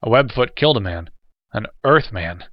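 A man's voice: lowish voice, animated, normal speed, no room sound. A man doing a growling, beefy militia thug. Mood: menacing. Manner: growling, gruff. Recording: dull lo-fi recording.

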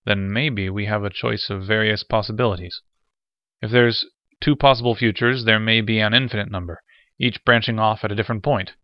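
A man's voice: fairly low pitch, steady tone, a little fast, no room sound, muffled recording, close to an everyday voice. A man voicing a plump, impatient military commander who makes demands. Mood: slow calculating.

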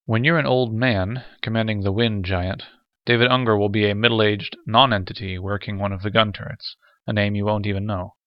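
Man doing a serious calm official laying out facts, kinda dull lo-fi dry sound. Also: lowish voice, no room sound, natural voice. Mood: grave. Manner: measured, dull-toned.

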